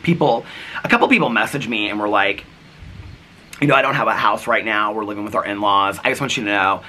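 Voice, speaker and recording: A man's voice: on the low side, fast, sharp tone, a little hiss or hum. A man vlogging casually to camera, telling a long story full of fillers and quoted dialogue.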